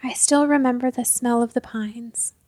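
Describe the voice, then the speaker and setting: A woman playing a plump, weary older father in a storybook, formal in his speech and pleading softly with his son. The voice is high and lifted, close and dry. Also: fairly even intonation, moderate pace, dry recording, close to an everyday voice.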